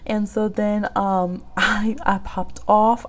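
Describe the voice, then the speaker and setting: A woman hosts a live reading stream from her phone, talking in a loose, chatty way. Her voice sits in a middle range, and she laughs often. When she gets into a story her pitch shoots up high. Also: measured pace, hardly any pauses, a little mellow. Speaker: tarot reader hosting a live stream. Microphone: phone app live stream.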